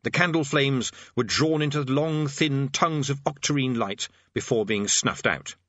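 A man's voice: mid-range voice, moderate pace, fairly bright tone, no echo, dull audio. A man narrating an audiobook with a dry, wry delivery.

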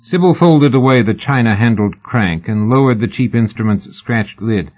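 A man reading a novel aloud in a measured, even audiobook narration. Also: mid-range voice. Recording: phone-like narrow band.

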